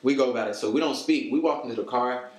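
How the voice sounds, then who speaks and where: A man tells stories with lots of energy, slipping into the voices of the people in them. His voice sits at a middle pitch. The room around him is echoey. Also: quick pace. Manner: animated storyteller, acts out quoted voices. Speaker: podcast guest. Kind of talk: casual chat.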